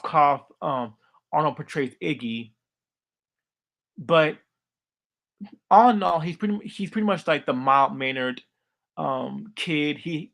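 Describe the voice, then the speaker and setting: A young man giving casual cartoon commentary, halting and heavily repetitive as he talks. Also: on the high side, creaky, fairly bright tone. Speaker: video commentator.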